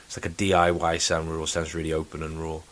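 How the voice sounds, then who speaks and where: A man's voice: a bass voice, completely flat delivery, quick pace, a bit bright. A man hosting a casual podcast, ranting and swearing freely and mimicking other people in put-on voices. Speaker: podcast host. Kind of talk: casual chat.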